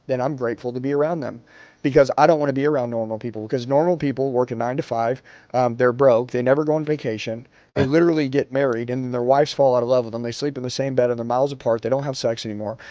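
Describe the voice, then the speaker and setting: A man in a rapid motivational rant, scornfully listing one complaint after another. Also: mid-range voice, fairly even intonation, dark tone, no echo. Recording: dull, dry lo-fi sound.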